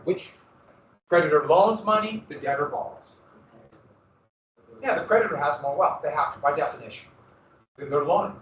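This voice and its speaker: A man's voice: fairly high pitch, normal speed, pauses often, fairly bright tone, muffled recording, slight background noise. A male history teacher giving a classroom lecture, posing questions to the students and then answering them himself. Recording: roomy classroom recording from far off.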